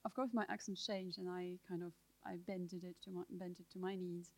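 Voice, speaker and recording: A woman's voice: fairly low pitch, level tone, fairly quick. Russian woman asking a hesitant question. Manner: hesitant, many fillers. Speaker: audience member asking a question. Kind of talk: audience question at a talk.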